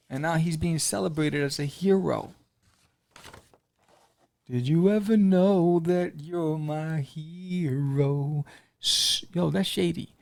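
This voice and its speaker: Gravelly-voiced man recapping comics. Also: on the high side. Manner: animated storyteller, acts out characters' lines; playful, jokes with the listener. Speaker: podcast host reviewing comics. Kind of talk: casual chat.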